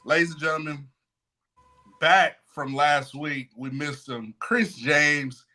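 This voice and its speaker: A man's voice: a little high, steady tone, bright, forceful tone. A man hosting a sports podcast, joking and hyping up his co-hosts. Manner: hype, joking, drawn-out emphasis. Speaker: podcast host. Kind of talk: lively sports podcast chat.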